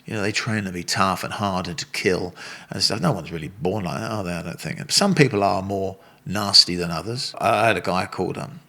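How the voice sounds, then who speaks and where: In a low-pitched, bright, forceful voice that moves a little fast, an Australian Muay Thai coach in his sixties tells stories as an interview guest. His storytelling is blunt and meandering, peppered with curses and laughs.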